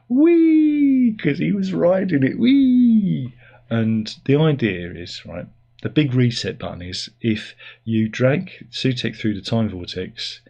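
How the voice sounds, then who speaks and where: A middle-aged man rambles through a casual review, sarcastic and exasperated. His voice sits low and has a husky edge. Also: darkish tone.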